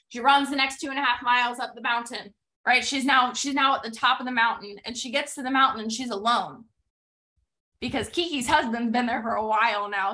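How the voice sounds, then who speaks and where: A woman hosting a motivational podcast tells her listeners a story in an animated, emphatic way, acting out the quoted dialogue and using repetition for effect. Her voice is high, bright, and forward.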